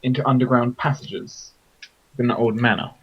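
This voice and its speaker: A man talking as a player in a tabletop game, halting and restarting as he goes. His voice is husky and comes through a dull, muffled lo-fi mic. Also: mid-range voice, steady tone. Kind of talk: casual tabletop play.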